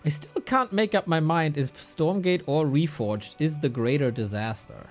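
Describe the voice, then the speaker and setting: An esports caster giving live commentary on a strategy game match, excitable and joking, thinking out loud between plays. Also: mid-range voice, normal speed, soft background music.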